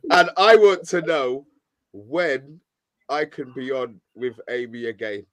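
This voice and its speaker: A man's voice: medium pitch, lively intonation, slow pace, fairly bright tone, no echo. A man on a fan panel, joking and ribbing the others between laughs. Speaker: panel guest. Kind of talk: casual banter on a live stream.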